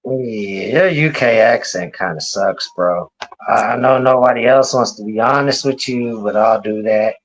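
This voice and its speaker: A man's voice: medium pitch, a little slow, poor audio. A man speaking as a guest in a casual panel chat, teasing the host with dry ribbing.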